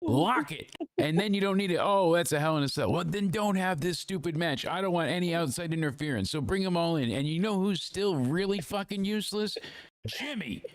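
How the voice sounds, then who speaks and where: A man's voice: sits high, animated, moderate pace, dry recording. Profane, fired-up man ranting live. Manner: heated, profane, exasperated. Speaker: wrestling show reviewer. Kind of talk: casual live rant.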